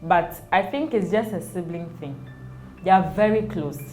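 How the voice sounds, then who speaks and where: A woman's voice: lowish voice, moderate pace, warm tone, soft background music. A young Ghanaian mother in a casual interview, speaking animatedly, often laughing and acting out quoted voices. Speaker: interview guest, mother of two.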